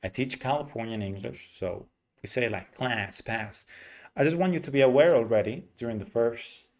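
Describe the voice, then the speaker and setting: This man teaches English pronunciation at a relaxed pace, his voice ordinary in pitch and a bit dark in tone. He takes his time explaining and demonstrates vowels by repeating them again and again.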